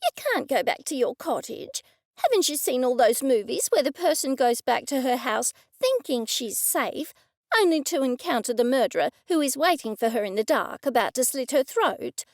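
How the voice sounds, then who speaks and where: A woman doing a high, excitable dramatic friend. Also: moderate pace, no echo, clean studio sound. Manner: breathless, high-strung.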